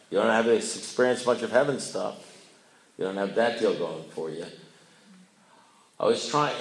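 Deep-voiced older man in an echoey room. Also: slight background noise. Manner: rambling, blunt, self-mocking storyteller. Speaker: AA speaker. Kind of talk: recovery meeting talk.

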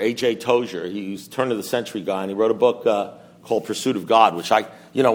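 A middle-aged man telling a self-mocking story at a support meeting, rambling with restarts and asides to the audience. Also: on the low side. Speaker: recovery meeting speaker.

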